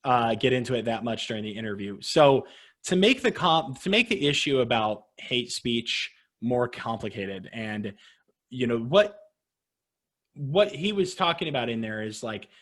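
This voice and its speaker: A man's voice: medium pitch, big pitch swings, normal speed, a bit bright. A young man co-hosting a political podcast, talking casually with easy laughs and frequent restarts. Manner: conversational, laughs easily, frequent restarts and fillers. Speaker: podcast co-host.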